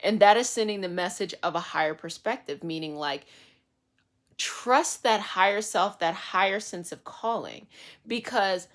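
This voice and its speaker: A woman giving a casual daily tarot reading, chatty and lively with slangy asides. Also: mid-range voice, measured pace. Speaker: tarot reader. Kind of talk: casual spiritual reading to camera.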